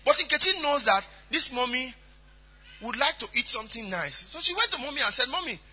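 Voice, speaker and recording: Nigerian preacher telling a story, high voice, lots of hall echo. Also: male voice, a little fast, slightly rough. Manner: animated, switches into pidgin, acts out voices. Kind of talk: storytelling sermon. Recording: echoey hall.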